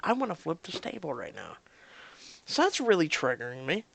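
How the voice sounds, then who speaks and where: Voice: medium pitch, wildly swooping pitch, normal speed, gravelly, fairly bright tone, slightly rough, no room sound. A vlogger ranting casually about mobile story games, exasperated and swearing freely. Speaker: mobile game recap vlogger.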